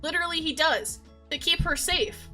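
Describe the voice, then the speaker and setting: A young woman, a video creator, chatting casually in an animated, emotional way and laughing often. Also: very high-pitched, normal speed, soft background music. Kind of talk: casual chat.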